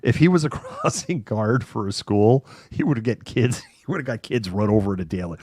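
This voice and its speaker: Middle-aged man, talk show host, animated storyteller, laughs between phrases, lots of fillers, lowish voice, dry sound. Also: normal speed, hardly any pauses, no echo. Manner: animated, laughs while talking, many fillers. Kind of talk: casual chat, anecdotal storytelling.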